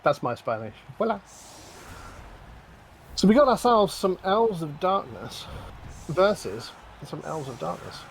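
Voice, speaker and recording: A man's voice: fairly high pitch, big pitch swings, normal speed, vocal fry, a little hiss or hum. A man commentating a video game match in casual style, with joking, self-deprecating banter and the odd swear.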